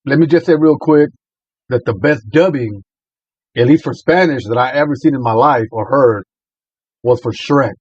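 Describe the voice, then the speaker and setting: A man's voice: medium pitch, moderate pace, a little mellow, slightly rough, dry recording, muffled recording. A man hosting a reaction video, chatting casually and rambling about what he watches. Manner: chatty, rambling, laughs a lot. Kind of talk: casual commentary.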